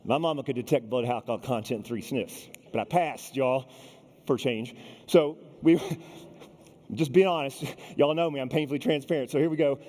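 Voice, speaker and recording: A man's voice: medium pitch, moderate pace. A man giving a storytelling keynote speech to a conference audience, talking to the crowd directly and acting out the people in his stories. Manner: animated, addresses the audience directly and acts out quoted people. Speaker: keynote speaker. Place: large conference hall. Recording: long hall reverb.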